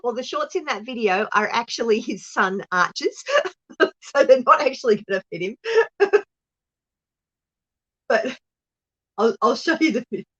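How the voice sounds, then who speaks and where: A chatty Australian woman hosts a casual live stream, with giggles running through her talk and her pitch jumping high. She sounds a little stuffed up from a cold, and the sound is slightly dull and lo-fi. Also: lively intonation, moderate pace, a bit bright, slightly rough. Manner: giggly, chatty, often laughing. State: congested with a cold. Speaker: host. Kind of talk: casual live chat with viewers.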